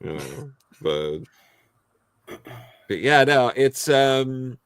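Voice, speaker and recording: A man's voice: mid-range voice, sing-song, very slow, clean tone, dry recording, studio quality. A man co-hosting a live review podcast, talking casually and a bit hesitantly, with many fillers. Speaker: podcast co-host.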